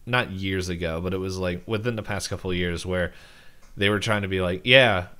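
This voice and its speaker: A man's voice: low-pitched, fairly even intonation, a little fast, a bit bright, smooth. A man co-hosting a podcast, chatting casually in a rambling way, with plenty of "like"s and restarts as he tries to recall things. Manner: rambling, full of fillers and restarts. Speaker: podcast co-host. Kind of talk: casual movie-reaction chat.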